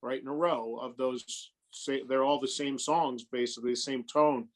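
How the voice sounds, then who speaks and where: A man chatting as a guest, relaxed and analytical. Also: mid-range voice, normal speed. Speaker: guest musician. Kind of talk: casual chat.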